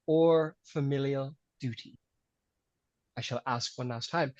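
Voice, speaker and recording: A man's voice: on the high side, dry recording, poor audio. A man doing a grand, formal debate moderator. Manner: formal, ceremonious announcing.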